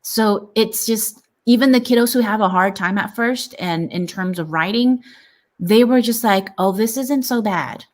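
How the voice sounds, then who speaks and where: Brief: lively woman educator, co-host, chatty classroom anecdotes. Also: medium pitch, normal speed. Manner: lively, animated storytelling with quoted kids. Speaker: teacher and co-host. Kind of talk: casual chat.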